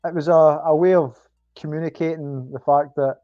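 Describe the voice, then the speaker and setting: A Scottish man chatting casually as a guest, talking in halting bursts with many ums and restarts. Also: fairly high pitch, fairly even intonation, no room sound, highs cut off. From Scotland. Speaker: podcast guest. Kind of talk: casual chat.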